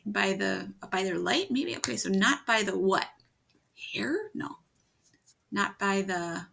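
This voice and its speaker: A woman teaching children to write fairy tales in a video lesson. She talks gently and encouragingly, and thinks out loud. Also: mid-range voice, creaky, breathy edge. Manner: thinks aloud, gentle and encouraging, with frequent restarts. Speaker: writing teacher.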